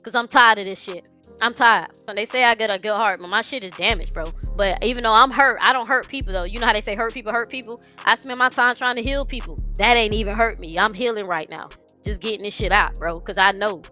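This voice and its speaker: A woman's voice: mid-range voice, quick pace, bright, forceful tone, soft background music. A woman streamer venting through tears, swearing heavily, speaking. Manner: crying, swearing, raw. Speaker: live streamer. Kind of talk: emotional livestream rant.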